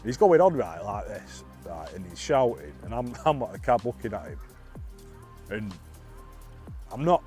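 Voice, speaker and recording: Low-voiced, chatty man. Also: darkish tone. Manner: self-deprecating, laughs often, many restarts. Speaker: bus driver. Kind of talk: casual storytelling.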